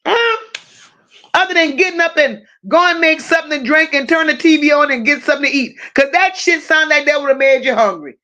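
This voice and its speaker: A woman's voice: high voice, fast, few pauses, pushed and bright. A woman hosting a livestream, reading viewers' comments aloud and firing back with profane, teasing banter. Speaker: livestream host. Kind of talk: casual live chat reading comments.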